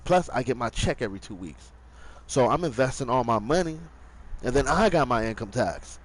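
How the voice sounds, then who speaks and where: A man's voice: medium pitch, poor audio. A young man streaming live, telling a rambling story in casual, profane slang.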